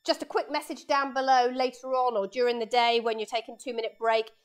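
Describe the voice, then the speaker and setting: A woman's voice: fairly high pitch, level tone, fast talker, clear, resonant tone. A woman art teacher giving a live painting lesson for children in her studio, chatting and explaining each step as she draws, speaking into a lapel mic.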